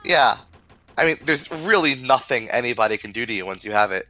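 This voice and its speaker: A man's voice: mid-range voice, lively intonation, fairly quick, sharp tone. A man co-hosting a charity gaming stream, teasing his partner and laughing often. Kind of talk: casual livestream banter.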